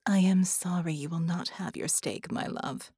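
A woman voicing a gentle, steady heroine who speaks softly, almost in a whisper. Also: on the low side, normal speed, breathy edge, dry recording, clean studio sound. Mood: tender.

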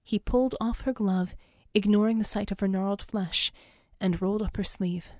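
An audiobook narrator reads a tense, scripted story with dramatic force, her middle-pitched voice rising to shouts and dropping to breathy sobs as the characters demand. The tone is steady at normal speed, recorded close and dry with no room sound.

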